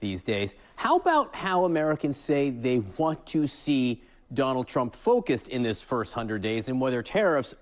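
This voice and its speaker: A man anchoring a TV news segment, asking brisk questions of an analyst. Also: mid-range voice, sing-song. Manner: brisk, inquisitive.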